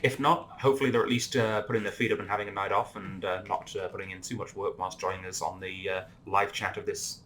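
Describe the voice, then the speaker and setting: A man hosting a casual whisky tasting chat, relaxed and rambling with plenty of fillers. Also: deep voice, fast, few pauses, slight background noise. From Canada.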